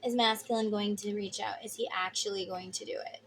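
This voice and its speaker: Bright-voiced, emotive woman tarot reader. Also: mid-range voice, fairly even intonation, a little fast, slight background noise. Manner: emotive and chatty, with casual swearing. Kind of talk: casual tarot reading to viewers.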